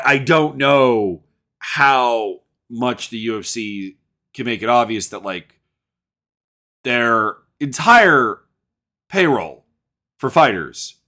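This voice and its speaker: A man hosting his own show, talking through his opinions in a loose, rambling way. His voice sits at an ordinary pitch but swings up and down freely, and he stumbles, restarts and fills gaps with "like" as he builds his points. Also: sharp tone. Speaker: podcast host. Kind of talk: casual commentary.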